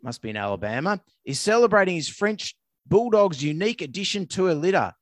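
A man's voice: high-pitched, big pitch swings, a little fast, dry recording. An Australian man co-hosting a vet podcast, bantering with dry, teasing humour over a remote call. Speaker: veterinarian podcast co-host. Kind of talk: casual chat. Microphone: remote call recording.

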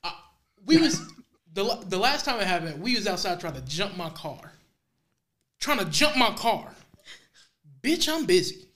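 A man's voice: high-pitched, moderate pace, long pauses. Guy cohost ranting a story, cussing a lot, voice going way up and down. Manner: profane, animated storyteller who acts out the people in his story. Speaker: podcast co-host. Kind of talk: casual chat.

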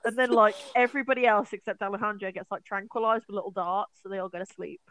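A woman's voice: mid-range voice, fairly even intonation, fast, fairly bright tone, dry recording, poor audio. A young woman co-hosting a podcast, casually retelling a film with lots of fillers, swearing and acted-out quotes. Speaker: podcast co-host.

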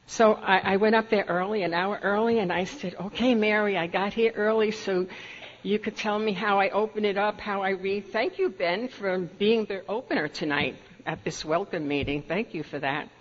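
A woman's voice: mid-range voice, normal speed. An older woman with a New York accent, telling stories from her own life at a meeting, laughing through them. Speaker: Al-Anon speaker. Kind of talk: storytelling talk at a meeting. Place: meeting hall. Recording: dull lo-fi recording with faint room noise.

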